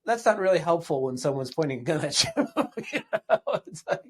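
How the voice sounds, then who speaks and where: A man's voice: a little high, big pitch swings, brisk, breathy edge. A man hosting a podcast, wry and sarcastic, with frequent ums. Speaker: podcast host. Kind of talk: casual podcast talk.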